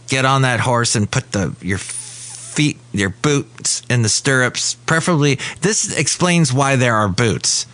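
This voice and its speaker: A man from California hosts a comedic podcast from a café, rambling and correcting himself in casual chat. His mid-range voice has a fairly bright tone, with slight background noise.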